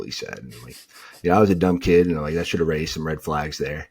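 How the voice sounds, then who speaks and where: A young man from New England tells stories in a loose, animated way, acting out what the people in them said. His voice sits very low and has a husky edge. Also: fast. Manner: animated, acts out quotes of others. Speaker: podcast guest. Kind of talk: casual storytelling.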